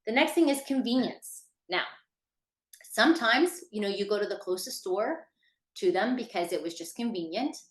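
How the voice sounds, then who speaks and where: A woman teaches a workshop in a loose, conversational way, with plenty of fillers, and speaks directly to her audience. Her voice sits at a middle pitch. The recording has a noticeable room echo. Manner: chatty, many fillers, addresses listeners directly. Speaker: workshop instructor. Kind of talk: casual workshop lecture.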